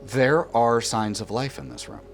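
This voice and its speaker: A man narrating a tabletop horror game as game master, calmly describing scenes and calling for rolls. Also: mid-range voice, unhurried, soft background music.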